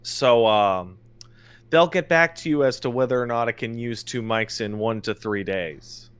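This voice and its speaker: Man, podcast co-host, casual chat, exasperated, swearing, animated, mid-pitched voice. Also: measured pace, clean tone.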